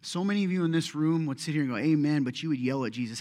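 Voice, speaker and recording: A man's voice: on the high side, animated, fast, hardly any pauses, a little mellow. A middle-aged man preaching a sermon as a pastor, conversational and impassioned, acting out prayers and complaints aloud.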